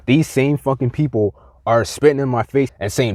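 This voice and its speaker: A man's voice: mid-range voice, normal speed, few pauses, darkish tone, no echo. A young man vlogging a heated, profane rant to the camera, mocking other people in quoted voices. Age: young adult.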